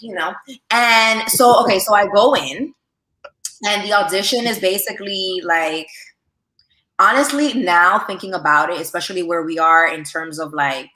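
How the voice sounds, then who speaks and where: A woman telling a personal story in a casual, animated way, full of "like" and "you know". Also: mid-range voice, roomy sound. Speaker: podcast guest.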